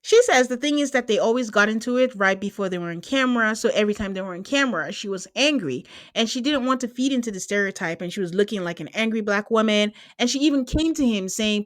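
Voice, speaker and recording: A woman hosting a podcast, recapping a reality show in casual chat, animated and laughing, with quick asides. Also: medium pitch, no echo. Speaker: podcast host.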